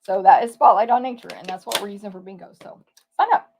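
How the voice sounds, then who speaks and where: A woman's voice: medium pitch, fairly even intonation, racing, a little mellow, slight background noise. A woman giving a casual live tour of papercraft products, chatty, thinking aloud and correcting herself as she goes. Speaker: papercraft demonstrator.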